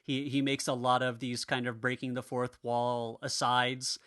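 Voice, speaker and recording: A man co-hosts a casual podcast, his voice bright and forward. The sound is dry and close, with no room around it. He rambles, restarts his sentences and laughs as he talks. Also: mid-range voice, monotone, measured pace, no echo. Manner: rambling, restarts often, laughs while talking. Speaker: podcast co-host.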